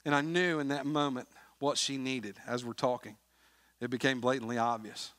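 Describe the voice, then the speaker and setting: A man preaching a sermon as a pastor, telling a story in an earnest way, dropping to a hush and then rising to loud appeals. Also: mid-range voice, fairly even intonation, moderate pace, dry recording, clean studio sound. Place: church sanctuary.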